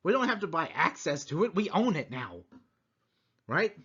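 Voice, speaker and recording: Brief: lively male history teacher, somewhat high voice, slightly muffled recording. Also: moderate pace, husky. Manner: animated, acts out quotes, rhetorical asides. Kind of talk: conversational history lecture.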